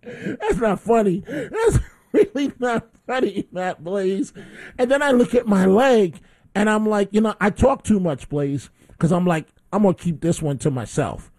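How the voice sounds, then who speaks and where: A man's voice: sits high, sing-song, unhurried, darkish tone. A middle-aged man hosting call-in talk radio, telling stories animatedly and laughing at himself. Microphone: studio microphone.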